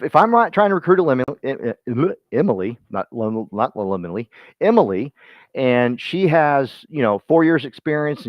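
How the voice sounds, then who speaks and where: A man with a drawl gives a folksy, animated motivational talk to a room of colleagues, calling on people by name. His mid-range voice comes across dry and slightly dull, with a lo-fi quality. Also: mid-range voice, no echo. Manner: folksy and animated, speaks straight to listeners by name. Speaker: real estate team speaker. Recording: dull lo-fi sound.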